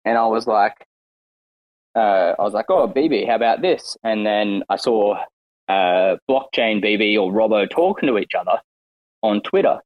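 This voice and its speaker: Teasing man chatting from home. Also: muffled recording. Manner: teasing, playful, swears, jumps to high pitch when joking. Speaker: regular in the chat. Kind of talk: casual chat on a live audio space. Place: inside his house.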